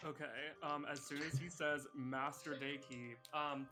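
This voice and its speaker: A man playing in a tabletop role-playing game, explaining his moves quickly and eagerly. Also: fairly high pitch, flat delivery, music in the background. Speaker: player.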